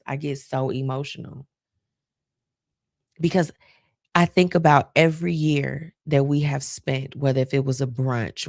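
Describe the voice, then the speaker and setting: A woman's voice: extremely low pitch, dry recording, studio quality. Heartfelt chatty woman hosting a live stream. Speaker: host. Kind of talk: casual live-stream chat.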